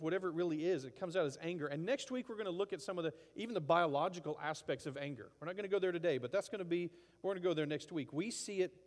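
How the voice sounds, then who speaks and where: A middle-aged man preaching in a relaxed, conversational way, with long reverb from a large hall. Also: on the high side. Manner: conversational, acts out angry outbursts. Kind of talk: sermon.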